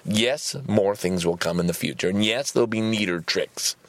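A man hosting a casual solo podcast, ranting in an animated and profane way. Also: on the low side, moderate pace, no echo. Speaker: podcast host.

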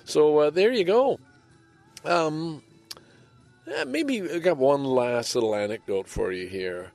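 A man's voice: a little high, expressive, slow pace, creaky, darkish tone, soft background music. An older man hosting a podcast, talking from home in a rambling, casual monologue that swings between heavy and lighthearted. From Canada. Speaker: podcast host. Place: home, by a window.

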